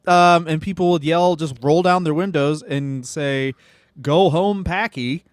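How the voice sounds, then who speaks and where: A man co-hosts a comedy podcast, riffing and joking casually. His voice sits fairly high. The sound is close and dry, with no room around it. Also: steady tone, clear, resonant tone, dry recording. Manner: riffing, jokey, with quick impressions. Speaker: podcast co-host.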